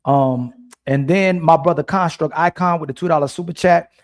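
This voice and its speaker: A man's voice: a little high, normal speed. A man hosting a casual livestream panel, reading super chats aloud in a slangy, playful, teasing way.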